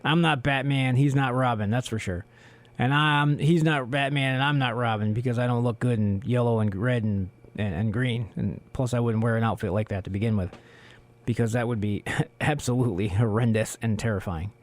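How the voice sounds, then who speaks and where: Hoarse, rambling radio host man. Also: mid-range voice, moderate pace. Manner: rambling, heavy on "you know" fillers. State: hoarse, losing his voice. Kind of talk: casual solo radio talk. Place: small radio studio.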